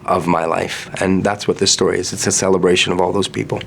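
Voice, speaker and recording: A male singer talking in a casual interview, chatty and playful, with quick restarts. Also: deep voice, little pitch movement, gravelly, a bit bright, a little hiss or hum. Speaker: singer guest.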